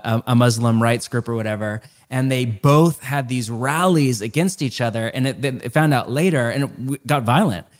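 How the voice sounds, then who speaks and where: Middle-aged guy explaining stuff earnestly on a podcast, medium voice, lists things off fast. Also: medium pitch. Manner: earnest and explanatory, listing ideas in quick runs. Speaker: guest author. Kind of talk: conversational podcast interview.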